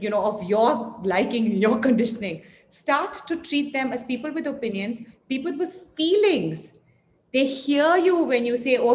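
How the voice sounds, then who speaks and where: A woman guest speaker giving parenting advice in an earnest, emphatic, expressive way over a video call. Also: fairly high pitch. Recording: echoey room, faint noise.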